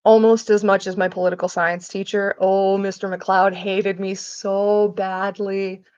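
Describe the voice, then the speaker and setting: Cooking in her home kitchen, a woman vlogger chats and tells casual stories, swearing freely and acting out those she quotes. Her mid-range voice is darkish and clean in tone, with a flat delivery and a measured pace. The recording is lo-fi.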